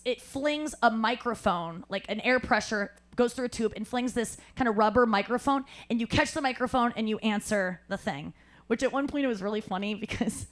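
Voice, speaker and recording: A woman hosting a live podcast, telling an animated story and acting out other people's lines, laughing often. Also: fairly high pitch. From St. Louis. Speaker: podcast host. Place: live show at a cafe.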